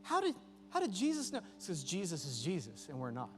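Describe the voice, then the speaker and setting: A man preaches to a youth crowd, his voice sitting a little high. He tells stories with animated acted-out voices. The sound carries a long hall reverb with faint music underneath. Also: brisk. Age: 30s. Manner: lively storytelling, acts out voices. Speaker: youth pastor. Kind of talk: youth sermon. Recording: echoey hall with music behind.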